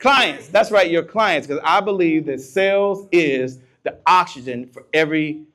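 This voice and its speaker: Man, keynote speaker, pitched slightly high, animated call-and-response delivery. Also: moderate pace. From Washington, D.C. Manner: swings from soft to loud bursts. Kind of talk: motivational keynote to live audience.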